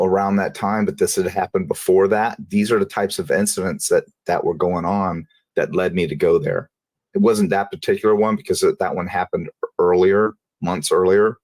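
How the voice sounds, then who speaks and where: A man telling a personal story in an interview, in a casual, halting way, often repeating and restarting phrases. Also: low-pitched, darkish tone, no room sound. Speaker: interview guest.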